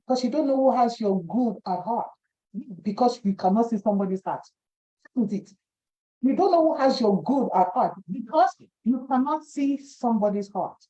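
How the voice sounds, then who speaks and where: Lady preaching a bible devotional, kinda high voice, mellow, repeats herself a lot, dull lo-fi sound. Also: moderate pace. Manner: animated, repeats phrases, acts out quoted voices. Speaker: Bible teacher. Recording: dull lo-fi recording.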